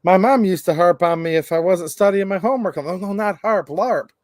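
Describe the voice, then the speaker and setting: A man's voice: high voice, brisk, no echo, clean studio sound. A man hosting a livestream, chatting casually in a rambling, joking way and reading out comments from the chat. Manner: rambling, jokey, reads chat aloud. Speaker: gun rights channel host.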